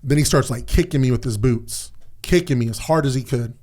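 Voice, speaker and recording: A man's voice: mid-range voice, fairly quick, a little mellow. A man, the podcast guest, telling personal stories in a casual, candid way, swearing and dropping "man" and "dude".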